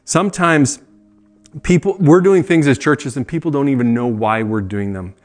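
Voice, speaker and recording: Middle-aged male pastor, mid-pitched voice, earnest conversational preaching with asides. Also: normal speed, soft background music. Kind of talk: sermon.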